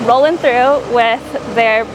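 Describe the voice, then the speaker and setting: A woman's voice: a little high, takes it slowly, noisy background. A woman being interviewed, giving earnest, reflective advice about travelling responsibly. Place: outdoors in a town.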